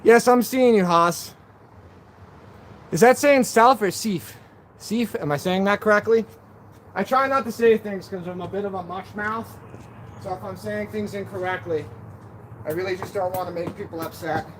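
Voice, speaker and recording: A high-pitched man talks through a casual outdoor live stream, joking and poking fun at himself between moves. The mic picks up clear outdoor noise all around him, with birds and wind in the background. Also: normal speed, pauses often, a bit bright. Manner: chatty, joking, self-deprecating. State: out of breath at times. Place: outdoors on a backyard deck. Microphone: camera on a stand.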